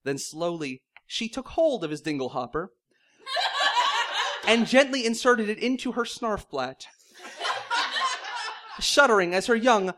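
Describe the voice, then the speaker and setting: A comedic reader with a high, fairly bright voice reads silly fan fiction aloud in mock-serious narration, frequently cracking up with laughter.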